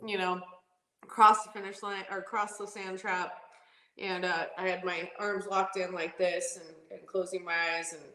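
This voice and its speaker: A woman's voice: on the low side, moderate pace, echoey room, rough recording. A woman drag racing driver telling stories in a casual interview, laughing often and acting out what people said. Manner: animated, laughs often, acts out quotes.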